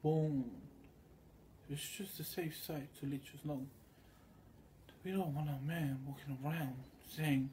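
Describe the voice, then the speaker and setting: Mellow-voiced man in a rambling monologue. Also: a little high, moderate pace, a little hiss or hum. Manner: loose, meandering storytelling with quoted voices.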